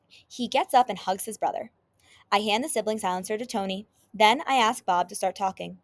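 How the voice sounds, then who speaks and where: A woman teacher reading a children's chapter book aloud with expressive storytelling. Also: a little high, moderate pace.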